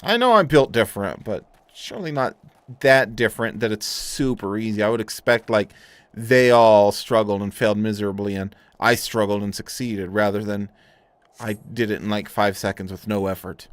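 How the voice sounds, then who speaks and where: A man's voice: lowish voice, normal speed, no room sound. A man casually commenting on a video game as he plays, joking in a wry, playful way. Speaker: let's play host.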